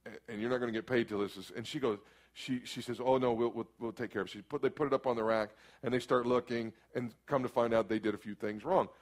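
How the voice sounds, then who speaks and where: A middle-aged man, preaching a storytelling sermon that swings from hushed asides to sudden shouts. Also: medium pitch, steady tone, quick pace. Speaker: pastor.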